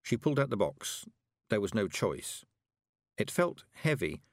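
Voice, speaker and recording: A man reading a storybook aloud with expressive narration. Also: on the low side, unhurried, dry recording, clean studio sound. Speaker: audiobook narrator. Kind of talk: scripted narration.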